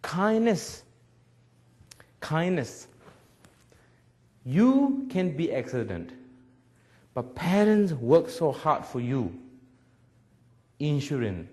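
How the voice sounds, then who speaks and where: Speaking in a fairly high, slightly mellow voice, this forties-aged Buddhist teacher gives a public talk as a webcast lecture. His English is broken, and his talk is full of stories and frequent laughter.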